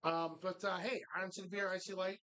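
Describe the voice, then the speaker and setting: A man's voice: high-pitched, little pitch movement, fast talker, pushed and bright, clean tone, rough recording. A man hosting a live show from a bar, joking loosely and swearing through sponsor plugs. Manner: profane, jokey, reads sponsor plugs with mock voices. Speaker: host. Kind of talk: casual bar-show banter.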